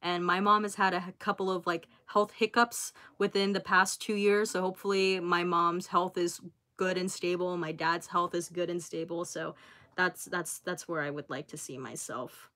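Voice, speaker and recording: A young woman in her twenties hosts a casual livestream, talking freely and reading out comments from viewers. She is chatty and expressive, with plenty of filler words between thoughts. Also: lowish voice, moderate pace. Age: 20s. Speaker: YouTuber hosting a livestream.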